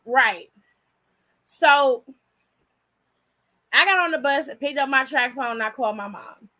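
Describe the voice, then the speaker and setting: A young woman hosting, telling a story in a blunt, profane and animated way. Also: sits high, measured pace. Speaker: host. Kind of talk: casual storytelling.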